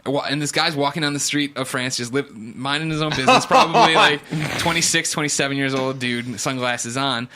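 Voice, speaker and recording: A man casually telling a story on a podcast, animated and laughing often as he talks. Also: medium pitch, brisk, noisy background.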